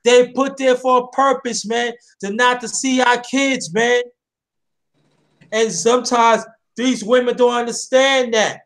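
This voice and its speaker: A man's voice: very high voice, fairly even intonation, a little slow, a bit bright. A man hosting a casual chat, talking with passion and addressing listeners directly, often repeating himself. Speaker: host.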